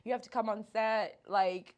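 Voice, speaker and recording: A woman's voice: mid-range voice, normal speed. A woman from Nigeria, a guest actress and business owner, chatting casually in an interview and acting out the people in her stories. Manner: animated storyteller, acts out quotes.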